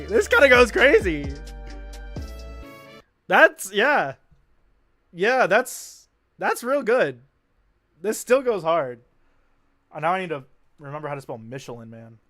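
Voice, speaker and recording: A man's voice: very high voice, big pitch swings, measured pace, pauses often, sharp tone, faint music behind. A young man casually reacting on a live stream, rambling and enthusiastic, repeating himself.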